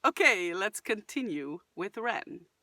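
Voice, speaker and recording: Her pitch is medium but swings widely as she takes things slowly, with no echo in the recording. She hosts a singing channel, reacting and giving vocal tips enthusiastically, sometimes erupting into shouted cries and sung bits to show what she means.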